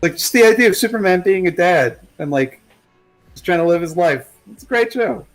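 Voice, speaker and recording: A man's voice: high-pitched, expressive, brisk, soft background music, low-quality recording. Rambling, profane man in casual chat. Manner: rambling, profane, many restarts and fillers. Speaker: guest.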